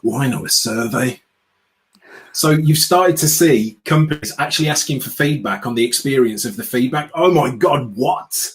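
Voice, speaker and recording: A British man, an outspoken guest speaker, chatting casually in an interview with sarcastic, animated asides. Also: on the high side, moderate pace, few pauses, low-quality recording. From United Kingdom. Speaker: guest, customer experience speaker.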